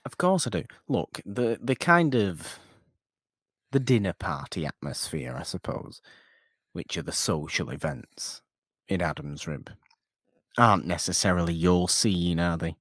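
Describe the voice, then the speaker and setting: A man's voice: sits low, animated, unhurried, a bit bright, dry recording, studio quality. A man hosting a casual podcast about a film, wry and teasing, talkative.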